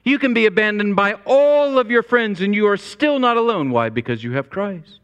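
A man preaches in a church sanctuary, his fairly high voice climbing to emphatic peaks before sinking low and quiet. Long reverb from the big hall hangs behind every phrase. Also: animated, normal speed, clean tone, muffled recording. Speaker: pastor. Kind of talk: sermon.

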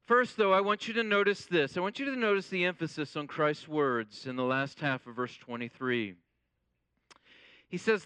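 A man preaching a sermon as pastor, in a measured way and quoting scripture. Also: fairly high pitch, expressive, fairly bright tone, clean tone, no echo.

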